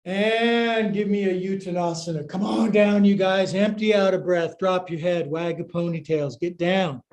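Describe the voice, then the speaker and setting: A man's voice: high-pitched, fairly even intonation, normal speed, darkish tone. An older man teaching a live-streamed yoga class, giving upbeat, playful cues and counting through poses, sometimes out of breath. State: out of breath at times.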